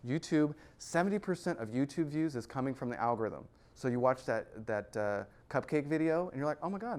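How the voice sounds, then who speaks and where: Energetic male presenter, mid-pitched, playful with the crowd, for a live seminar talk. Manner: energetic and joking, laughs between points. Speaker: guest speaker at an investor club.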